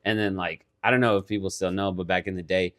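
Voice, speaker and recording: A man's voice: low voice, fairly even intonation, fast, fairly bright tone. A young man co-hosting a podcast, telling a long casual story, swearing freely and laughing often. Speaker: podcast co-host. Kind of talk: casual chat.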